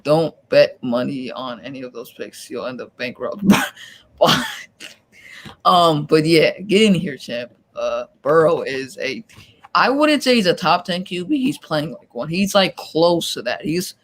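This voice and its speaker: A man hosting a casual sports stream, loose and quick to laugh, often correcting himself mid-sentence. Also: on the high side, sing-song, a bit bright. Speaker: stream host.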